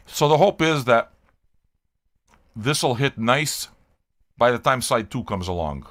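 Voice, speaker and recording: A man's voice: mid-range voice, expressive, slow pace, long pauses, a bit bright. An older man from Canada chatting loosely with his live-stream audience, rambling, swearing and joking. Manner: rambling, profane, joking with chat. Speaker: music reaction streamer. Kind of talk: casual live-stream chat.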